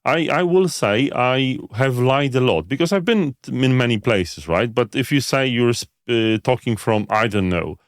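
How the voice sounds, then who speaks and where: A man co-hosting a podcast, talking in an animated, filler-heavy way and asking rhetorical questions. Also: mid-range voice, normal speed, hardly any pauses, dry recording, studio quality. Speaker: podcast co-host. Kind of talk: casual podcast discussion.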